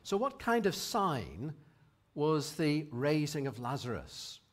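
A man in his sixties gives a calm, thoughtful sermon. His voice sits a little high for a man, and he takes his time over each line of scripture. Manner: measured, reflective, reads scripture aloud. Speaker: preacher. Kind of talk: sermon reading.

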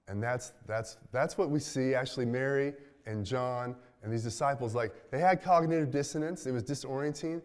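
Male pastor, mid pitch, casual preaching style with frequent restarts. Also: brisk, few pauses, clean tone. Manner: conversational, many restarts, dips quiet at line ends. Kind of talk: sermon.

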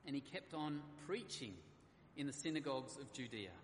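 A man's voice: medium pitch, lively intonation, moderate pace, slight background noise. A man preaching a sermon, earnestly reading scripture aloud and stressing key words. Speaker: pastor. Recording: echoey hall with faint ambience.

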